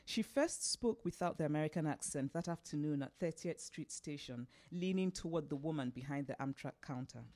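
Novelist reading her fiction aloud. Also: low-pitched. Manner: unhurried, expressive, laughs at slips.

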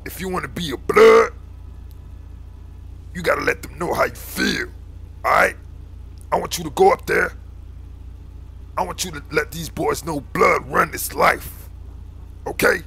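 A man's voice: a little high, unhurried, creaky, long pauses, bright, forceful tone, slightly rough, exaggerated voice. A man voicing a bossy street gang recruiter, full of slang, constantly calling others boy and man. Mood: commanding.

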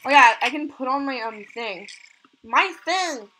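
A woman hosting a let's play, giving excitable commentary and gushing over cute animals. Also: sits high, unhurried, a little hiss or hum, poor audio. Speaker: gaming channel host.

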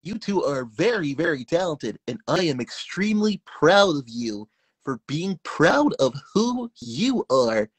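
A woman's voice: low-pitched, breathy edge, dry recording, heavily acted. Barney, as a woman puppeteer voices him. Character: cheerful purple dinosaur, gentle and kindly. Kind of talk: puppet show performance.

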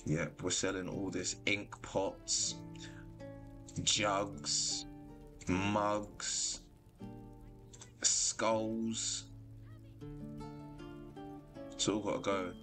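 A man giving casual commentary while streaming a video game. He is animated and excitable, and he laughs often. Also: fairly low pitch, extremely slow, pauses often. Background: game music.

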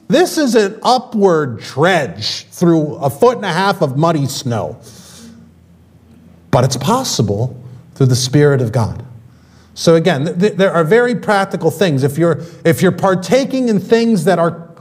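A man preaching a sermon in a church, his voice pitched high for a man and swinging widely up and down. He talks to the congregation in a loose, conversational way, breaking off for quick asides. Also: sing-song, darkish tone, husky. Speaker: pastor. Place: church sanctuary.

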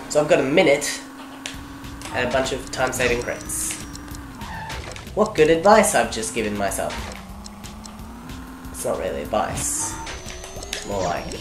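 A young woman giving rambling, jokey let's play commentary, talking to herself as she plays. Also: very deep voice. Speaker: gaming commentator. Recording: echoey room with game music behind.

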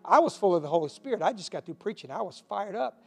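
A man's voice: sits high, expressive, fast, creaky, darkish tone. A man preaching a short recorded devotional sermon as pastor, folksy and earnest, with self-deprecating asides.

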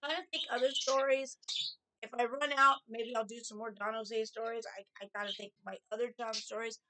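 A middle-aged woman telling casual stories from her past, chatty and animated, acting out what people said. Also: fairly quick. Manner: chatty, animated, acts out quotes in a higher voice. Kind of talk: casual storytelling.

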